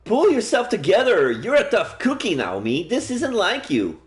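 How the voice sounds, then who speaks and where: Man putting on a no-nonsense teen girl voice, firm and bracing, pitched up. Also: huge pitch swings, normal speed. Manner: firm, encouraging. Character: tough teenage schoolgirl friend, bracing. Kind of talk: game dialogue read aloud.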